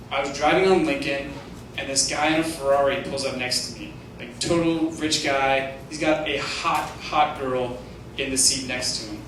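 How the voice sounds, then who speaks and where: A young man works through a stand-up set in a hesitant, self-mocking way, leaning on "like" as he goes. His voice sits a little high. It is picked up from a distance in a very echoey theater with clear noise underneath. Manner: halting, self-deprecating delivery with many "like"s. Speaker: stand-up comedian. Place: comedy theater stage.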